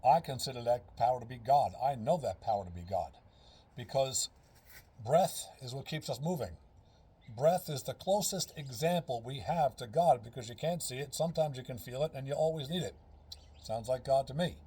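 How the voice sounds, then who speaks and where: Husky-voiced man explaining earnestly. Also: mid-range voice, moderate pace, warm tone. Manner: earnest, explains step by step, repeats key phrases. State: out of breath. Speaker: fitness and breathing instructor. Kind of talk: casual instructional vlog.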